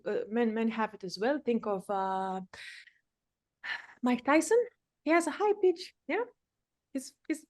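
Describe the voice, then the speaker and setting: A woman's voice: fairly high pitch, animated, unhurried, pauses often, darkish tone. A woman teaching a live voice-coaching lesson. She explains each point emphatically and changes her delivery to demonstrate. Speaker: speaking and voice coach.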